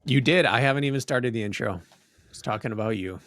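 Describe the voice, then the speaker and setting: A man co-hosting a running podcast, teasing and quick to laugh, then laying out his points with conviction. His voice is mid-pitched and the recording is dry and close. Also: fairly bright tone, no room sound. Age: adult father. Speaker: podcast co-host. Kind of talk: casual podcast banter and topic intro.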